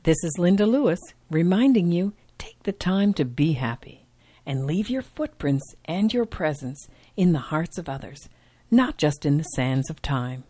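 Low-voiced woman telling a story. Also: very animated, a little slow, no room sound. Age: middle-aged. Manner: gentle reflective storyteller, voicing family and judge in dialogue. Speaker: radio segment host. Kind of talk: scripted storytelling narration.

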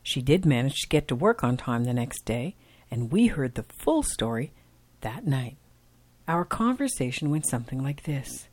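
Low-voiced woman telling a story. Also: very animated, normal speed, no room sound. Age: middle-aged. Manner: gentle reflective storyteller, voicing family and judge in dialogue. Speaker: radio segment host. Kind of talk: scripted storytelling narration.

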